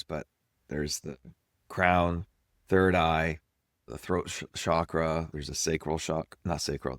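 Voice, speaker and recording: A man's voice: very deep voice, no echo, studio quality. A man in his fifties from Canada, a life coach and podcast host, talking at home in a candid, self-reflective solo monologue.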